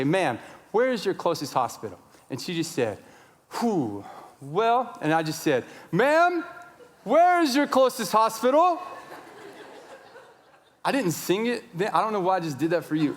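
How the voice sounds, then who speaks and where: A man in his thirties, a pastor telling a story in a sermon, acting out his own shouting. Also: sits high. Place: large church sanctuary. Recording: long church reverb.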